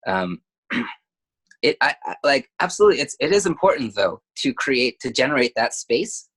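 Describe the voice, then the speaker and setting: A man in a casual spiritual chat, earnest and halting, piling up fillers. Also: mid-range voice, big pitch swings, a bit bright, slightly rough.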